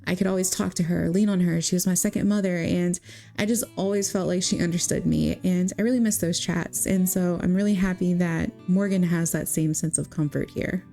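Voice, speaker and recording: A woman's voice: lowish voice, steady tone, a little fast, vocal fry. A young woman vlogger casually narrating a game story in a chatty, giggly way, full of "she's like" quotes. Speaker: gaming vlogger. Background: soft guitar music.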